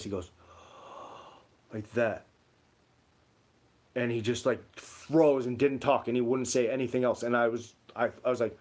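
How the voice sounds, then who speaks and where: A young man co-hosting a livestream, telling rambling stories in casual chat and reading out viewer comments, full of "like" fillers. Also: mid-range voice. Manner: rambling storytelling, many "like" fillers. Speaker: livestream co-host.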